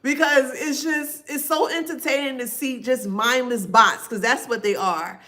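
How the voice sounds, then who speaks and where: Slow-talking bright-voiced woman, sarcastic. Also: high-pitched. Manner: slow, drawn-out, sarcastic, laughing often. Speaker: spiritual commentator. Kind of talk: casual commentary to camera.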